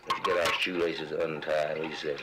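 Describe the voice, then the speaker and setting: A cocky, crude flirt. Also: male voice, extremely low pitch, level tone, a little fast, heavy background noise. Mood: brash. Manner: brash, teasing.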